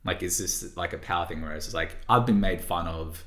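A man's voice: low-pitched, brisk, fairly bright tone, echoey room. A man co-hosting a casual podcast discussion, thinking aloud with hesitant restarts and frequent fillers. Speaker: podcast co-host.

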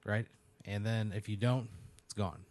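A man hosting a podcast, telling an absurd story in a rambling, deadpan way with many fillers. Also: on the low side, unhurried. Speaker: podcast host. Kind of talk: casual comedic storytelling.

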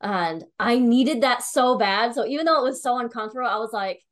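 A woman's voice: a little high, brisk. A young woman telling a personal story in a casual, chatty way, full of "like" and "um", with the odd swear. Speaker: tarot reader.

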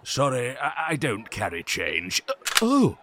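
A man's voice: mid-range voice, huge pitch swings, measured pace, a bit bright, pitched below the performer's own voice. A man voicing a vain, cowardly English duke who talks in a fussy, flustered way.

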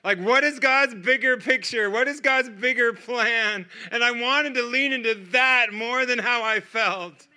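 American guy preaching his story, acts out every bit of dialogue, clear smooth voice. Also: very high voice, a little slow, few pauses, pushed and bright. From United States. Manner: vivid storyteller who acts out dialogue and laughs often. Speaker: guest preacher. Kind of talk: sermon testimony storytelling.

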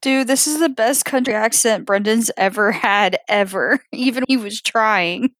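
A woman's voice: on the high side, measured pace, a bit bright, dry recording. A woman playing in a tabletop game over a voice call, amused and egging her friends on. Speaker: player. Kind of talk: out-of-character banter in an online tabletop game.

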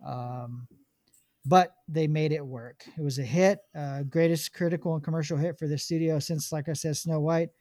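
A man's voice: a little high, fairly even intonation, normal speed, mellow, no echo. A man hosting a casual podcast chat, reading film notes aloud with many ums and restarts. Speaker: podcast host.

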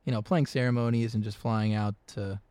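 A man's voice: fairly low pitch, steady tone, fairly quick, dark tone, clear, resonant tone, no echo. Laid-back musician guy, dry close mic. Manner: easygoing, laughs often, many fillers and restarts. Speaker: musician guest. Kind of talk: casual interview chat.

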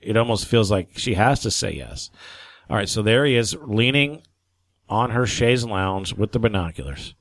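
A man hosting a casual radio chat, asking quick questions and laughing easily. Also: lowish voice, expressive, dry recording. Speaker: radio host.

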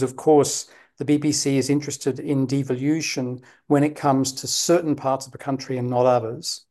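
Man, mellow voice, interviewer, conversational, wry asides, long winding sentences. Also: mid-range voice.

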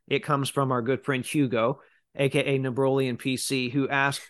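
A man's voice: mid-range voice, moderate pace, clear, resonant tone. A man hosting a podcast, casually reading out listener questions and chatting about his week. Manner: relaxed, reads listener questions aloud. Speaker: podcast host.

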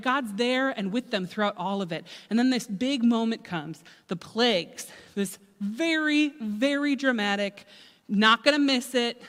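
A woman preacher retelling scripture as a casual, animated sermon, chatty and full of asides. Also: medium pitch. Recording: echoey hall.

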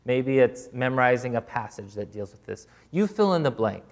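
Male preacher, mid-pitched voice, plain everyday sermon delivery, acts out prayers in a hushed voice. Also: very animated, moderate pace. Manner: acts out quoted prayers, voice dropping soft for them; plain, informal, with repeated restarts. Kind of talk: conversational sermon.

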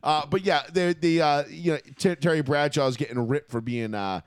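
A man's voice: on the high side, normal speed, clean tone, no room sound, clean studio sound. A man co-hosting a casual sports podcast, ranting and cursing, often breaking into laughter. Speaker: podcast co-host.

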